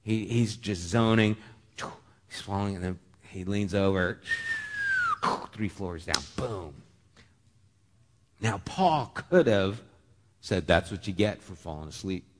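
A man preaching a sermon, telling a story with lively shifts, often dropping to a hushed voice. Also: low voice, slow pace, long pauses, slight background noise. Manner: animated storytelling, dropping to a hush. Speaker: pastor. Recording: long hall reverb.

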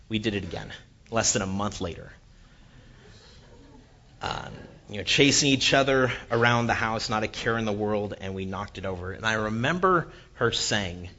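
A man preaching a sermon, telling a childhood story in an animated, self-mocking way with frequent restarts. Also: lowish voice. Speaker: pastor. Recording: dull lo-fi sound, faint hiss.

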